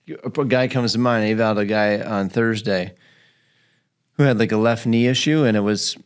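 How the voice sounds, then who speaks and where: A man with a fairly low voice tells a story from his clinic in relaxed podcast chat. He slips into his patient's voice for quoted lines and keeps the telling lively. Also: moderate pace, clean tone. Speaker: physical therapist podcast host.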